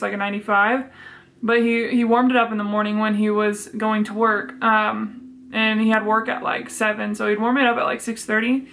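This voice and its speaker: A woman's voice: medium pitch, a bit bright. A young woman telling a storytime vlog in a chatty, exasperated way, swearing freely. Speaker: vlogger.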